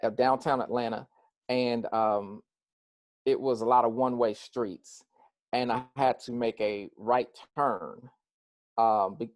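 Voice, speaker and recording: Earnest American preacher, emphatic and slow. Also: male voice, mid-range voice, a little mellow, no room sound. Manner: earnest and emphatic, repeating key words for weight; slows down to stress points, with some fillers and restarts. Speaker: pastor. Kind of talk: personal talk to a group.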